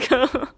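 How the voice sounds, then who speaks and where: A woman streamer in casual chat with her viewers, rambling and giggly, full of fillers.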